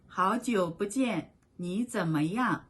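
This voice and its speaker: A woman teaching a beginner language class, slowly repeating short phrases for learners. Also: medium pitch, fairly bright tone, breathy edge.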